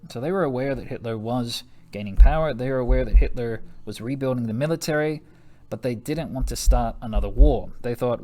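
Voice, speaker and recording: A man's voice: medium pitch, fairly quick, dark tone. Jokey, laughing male history teacher. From United States. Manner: jokey, chatty, laughs often, slangy asides. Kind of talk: recorded classroom lesson.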